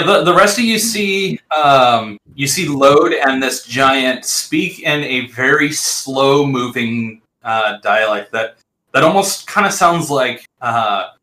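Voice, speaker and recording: Bright-voiced man running a tabletop game. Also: medium pitch. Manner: descriptive, halting with fillers. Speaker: game master. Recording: roomy echo.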